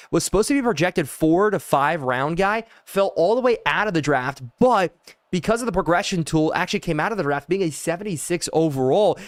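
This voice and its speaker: A young man live-streams a football video game, calling plays and thanking chat, getting excitable and loud on big plays. His voice is on the high side, with no echo.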